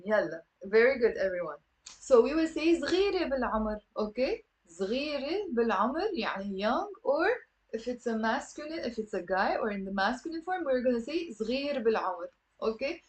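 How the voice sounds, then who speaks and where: A woman with a Lebanese accent teaching a live online Arabic class, lively and encouraging, saying words slowly for her students to repeat. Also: fairly high pitch, poor audio. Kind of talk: live online language lesson.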